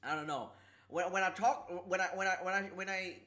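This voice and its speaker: A man streaming casually, talking haltingly with a slight lisp from a sore tongue, repeating words and struggling with S sounds. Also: high voice, pushed and bright. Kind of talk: casual livestream chat.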